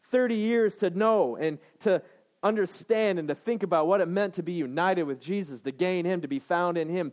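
A man's voice: high voice, a little mellow. Emphatisch prekende man in de dertig, iets hoge stem. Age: 30s. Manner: emphatic, repeats phrases, asks the congregation "right?". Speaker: pastor. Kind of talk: sermon.

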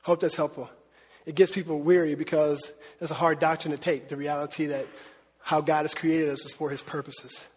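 A man's voice: a little high, little pitch movement, moderate pace, breathy edge, long reverb tail. A man preaching a sermon as a pastor, talking in a conversational way and often asking his listeners questions. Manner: conversational, asks the audience questions.

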